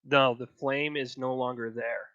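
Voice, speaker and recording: A man acting as game master for a tabletop game, narrating scenes very slowly. His voice is bright and tense, coming over a dull, lo-fi chat line that sounds dry. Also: medium pitch, fairly even intonation, no echo. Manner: slow, descriptive narration.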